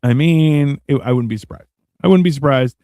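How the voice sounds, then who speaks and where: A man's voice: mid-range voice, brisk, no room sound, studio quality. A man co-hosting a casual livestream chat, joking and swearing freely as he spins silly stories. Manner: joking, profane, animated storytelling. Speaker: co-host.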